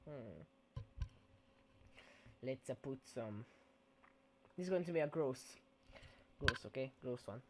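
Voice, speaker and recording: A man's voice: medium pitch, expressive, takes it slowly, long pauses, background noise. A man giving casual gameplay commentary in a goofy, playful way, dropping mock-Italian exclamations.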